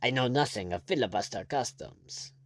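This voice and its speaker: A man's voice: medium pitch, animated, moderate pace, natural voice. A man voicing a haughty, arrogant French baron general, speaking with cold disdain. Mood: disdainful. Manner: disdainful, icy, angry.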